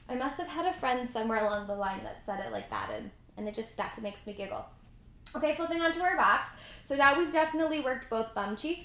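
The voice belongs to a woman pilates instructor whose voice is on the high side and a bit bright, heard in a roomy space. She runs a mat class, cueing each move, counting reps and chatting in asides.

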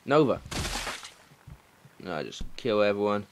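A young man doing let's play commentary, excitable and swearing, shouting at the game. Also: lowish voice, measured pace, noisy background. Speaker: gaming commentator.

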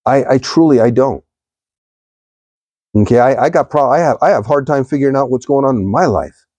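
Brief: man, devotional live streamer, rambling storyteller, mellow voice, dry close sound. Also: mid-range voice, normal speed, no echo. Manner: rambling storytelling, addresses viewers.

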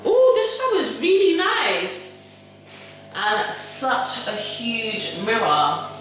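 A woman's voice: a little high, wildly swooping pitch, slow pace, soft background music. A young woman vlogger talking casually to her viewers, giving a house tour. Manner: chatty, addresses viewers as guys. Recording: echoey room with loud noise.

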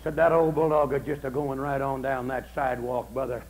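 A man preaching a camp meeting sermon, telling folksy stories and swinging from soft asides to shouting, on an old recording with a faint hum. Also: mid-range voice, level tone, a little fast, low-quality recording. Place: camp meeting, outdoors or in a tabernacle.

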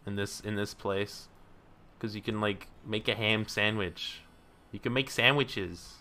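A man streaming a game, talking casually to himself and viewers, swearing freely, laughing often and bursting into loud outrage. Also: on the low side, fairly even intonation, a little slow, faint music behind. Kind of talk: casual gameplay commentary.

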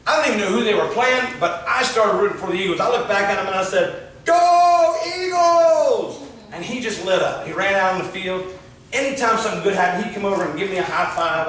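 A man's voice: fairly high pitch, slight background noise. Man telling a story in a roomy church. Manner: earnest storytelling, voice drops soft and slow at moving moments. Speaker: guest speaker. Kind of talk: storytelling sermon. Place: church sanctuary. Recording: roomy distant church audio.

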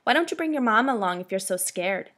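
A woman voicing a scrawny, rough girl bully who jeers and shouts taunts in a storybook reading. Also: a little high, animated, fast. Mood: jeering. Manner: loud, jeering.

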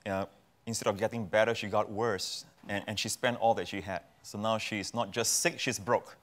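A man's voice: on the low side, steady tone, normal speed, fairly bright tone. A man from Singapore, preaching as a guest pastor on a TV talk show and repeating key phrases for emphasis.

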